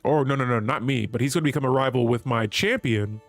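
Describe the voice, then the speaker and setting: A man streams a strategy game live, chatting with viewers and reading the in-game text aloud as commentary. He speaks fast at a medium pitch, with soft music in the background.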